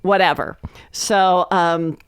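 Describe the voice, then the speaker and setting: Woman, comedian guest, animated storyteller, podcast chat, dry close mic. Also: fairly low pitch, slow, smooth, no echo. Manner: animated storyteller, acts out quotes.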